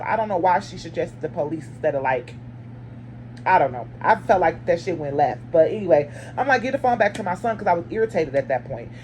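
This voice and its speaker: Animated woman telling a story. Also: slight background noise. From lives in Arizona. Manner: animated, acts out dialogue with sharp pitch jumps; blunt and chatty, talks straight to viewers. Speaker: storyteller and mother. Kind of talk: casual storytime to camera.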